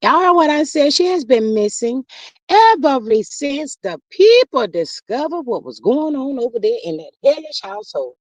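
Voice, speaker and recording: A woman's voice: sits high, very animated, normal speed, a little mellow, no echo, rough recording. A woman hosting a casual live stream, chatty and saying "y'all" a lot. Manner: chatty, reads viewer comments aloud, says "y'all" often. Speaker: livestream host.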